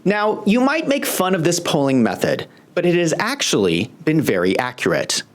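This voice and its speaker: A host delivering political commentary with a sarcastic, pointed edge. The voice swoops dramatically up and down while its pitch stays mid-range. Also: big pitch swings, moderate pace.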